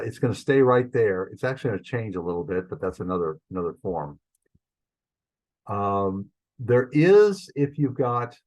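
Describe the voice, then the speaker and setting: A man teaching a Greek grammar class, explaining the rules step by step in a relaxed, informal way with frequent fillers and restarts. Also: medium pitch, poor audio.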